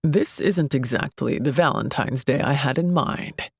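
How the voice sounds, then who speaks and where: A woman's voice: a bass voice, unhurried, creaky, husky, no room sound, clean studio sound, heavily acted. A woman reading an audiobook, voicing a smug self-help guru who speaks in breezy platitudes. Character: smooth-talking self-help guru man, glib and smug. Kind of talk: audiobook character voice.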